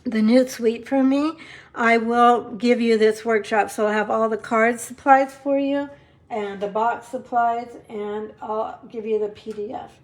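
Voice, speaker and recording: A woman's voice: fairly high pitch, fairly even intonation, unhurried. A middle-aged woman chatting through a live papercraft demonstration, rambling and openly thankful to her viewers. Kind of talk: live-stream craft demo chat.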